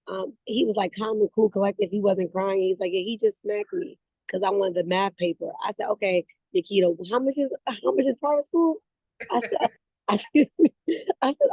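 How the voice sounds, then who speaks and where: A woman leading a motivational network marketing call, talking in a lively, conversational way, repeating words and laughing as she goes. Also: lowish voice, no room sound, low-quality recording. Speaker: network marketing team leader. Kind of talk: motivational talk on a video call.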